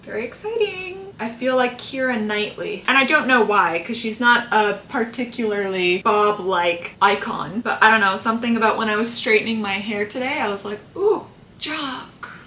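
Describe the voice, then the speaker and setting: A woman's voice: mid-range voice, normal speed, hardly any pauses, bright, forceful tone. A woman vlogger chatting casually through a makeup tutorial with rambling asides. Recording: roomy echo, faint hiss.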